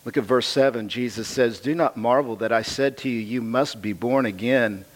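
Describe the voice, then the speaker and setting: A man's voice: medium pitch, normal speed. A man preaching a sermon. He reads scripture and explains it in a conversational way, repeating phrases for emphasis. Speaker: pastor.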